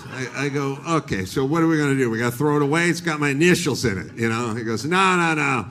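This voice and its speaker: A man's voice: mid-range voice, expressive, fast talker, fairly bright tone, slight background noise. A middle-aged man doing a stand-up comedy set on stage, telling a story with acted-out voices. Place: live comedy stage with audience.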